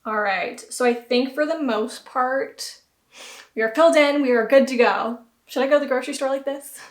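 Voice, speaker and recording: A woman's voice: high voice, normal speed. A young woman with a light Southern accent, chatting casually and self-deprecatingly through a home beauty tutorial. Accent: American Southern. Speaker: beauty vlogger. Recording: roomy echo.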